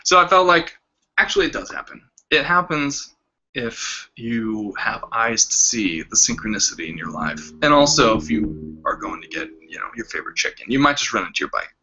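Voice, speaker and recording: A man in his thirties, casually telling a story as a vlogger and acting out the quoted lines with lively voices. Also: medium pitch, normal speed, husky. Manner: animated, acts out quoted lines with shifting voices. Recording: slightly dull lo-fi sound.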